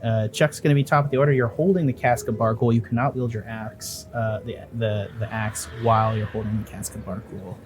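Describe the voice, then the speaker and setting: A man's voice: on the low side, steady tone, brisk, hardly any pauses, a little mellow, soft background music. A man running a tabletop game as dungeon master, talking loosely with fillers and swearing.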